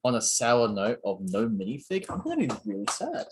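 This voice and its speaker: A man's voice: mid-range voice, huge pitch swings, a little fast, noisy background. A young man hosting a casual solo chat while building, rambling and self-mocking with a sore throat. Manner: rambling, self-mocking, many fillers and restarts. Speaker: channel host.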